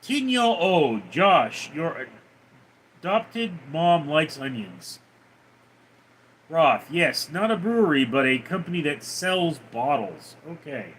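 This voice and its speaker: A man's voice: fairly high pitch, big pitch swings, slow, a bit bright, slight background noise. A man hosting a casual livestream, reading viewer comments aloud and answering them with teasing, crude banter. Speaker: livestream host.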